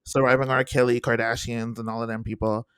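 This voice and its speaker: A man co-hosting a podcast in casual chat, animated and repeating himself as he talks in bursts. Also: mid-range voice, brisk, smooth, dry recording, clean studio sound. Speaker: podcast co-host.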